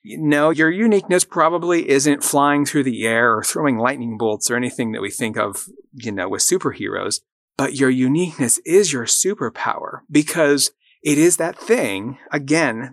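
An upbeat man hosts a motivational podcast at a mid-range pitch, encouraging listeners and leading them through repeated affirmations. His voice is close and dry, recorded on a studio microphone. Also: moderate pace, fairly bright tone, no echo. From rural farm upbringing. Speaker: podcast host and coach.

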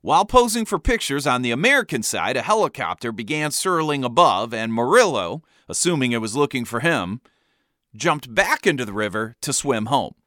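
Guy telling a funny story, voice swings all over the place, bright punchy tone, dry close sound. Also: mid-range voice, normal speed, no echo. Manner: wry, animated storyteller. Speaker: podcast host. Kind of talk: comedic storytelling monologue.

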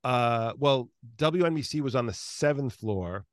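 A man's voice: medium pitch, a little slow, no echo, studio quality. Rambling man hosting an interview. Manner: rambling, animated, self-interrupting. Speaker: podcast host. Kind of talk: casual interview chat.

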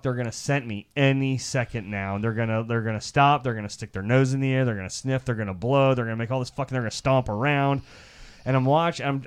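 A man from Iowa co-hosting a podcast, telling a crude, animated hunting story and laughing as he talks. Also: medium pitch, clean tone. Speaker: podcast co-host. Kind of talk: crude storytelling among friends.

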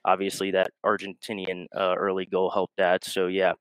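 A man from the United States, a guest analyst on a betting podcast, speaking haltingly with many restarts as he works through his thoughts. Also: low-pitched, monotone, clean tone, no echo, rough recording. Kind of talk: casual sports analysis.

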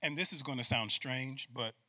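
A man preaching a sermon with call-and-response, swinging from loud bursts to hushed asides. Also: mid-range voice, normal speed, no echo. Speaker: pastor.

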